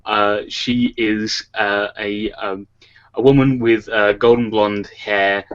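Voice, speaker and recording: A man guest on a casual podcast, adding story ideas in a halting, dry way with many pauses. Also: fairly low pitch, steady tone. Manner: slow, halting, full of fillers, dry. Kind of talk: casual improvised storytelling chat. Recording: muffled lo-fi mic.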